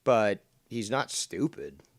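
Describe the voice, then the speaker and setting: A man's voice: lowish voice, animated, takes it slowly, no room sound. A man arguing on a livestream in a sarcastic, mocking manner. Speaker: livestream commentator. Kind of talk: livestream argument.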